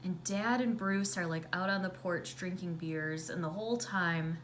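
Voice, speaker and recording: A woman vlogger telling a story while doing her makeup, chatty and sarcastic, dropping into hushed voices when she quotes people. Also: lowish voice, normal speed, slight background noise. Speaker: beauty vlogger.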